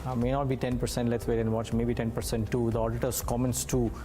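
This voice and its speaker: A man's voice: mid-range voice, flat delivery, quick pace. A man with an Indian English accent anchoring live business news, thinking aloud as he checks market rates. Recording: music bed under studio voice.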